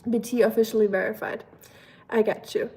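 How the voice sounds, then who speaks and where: A young German woman hosts a laid-back livestream, reading comments and chatting with viewers in a tired, rambling way full of fillers. Her voice is a little high and dark, with a steady tone and a fairly quick pace.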